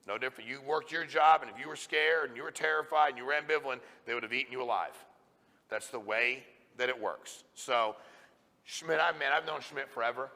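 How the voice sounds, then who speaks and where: A middle-aged man, a company president, giving a blunt, forceful motivational talk to a live audience. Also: mid-range voice, a little fast. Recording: reverberant hall sound.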